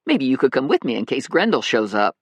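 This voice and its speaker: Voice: medium pitch, very animated, fairly quick, no room sound. A narrator voicing a brash, self-assured woman friend in an audiobook, emphatic and dramatic. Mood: sassy.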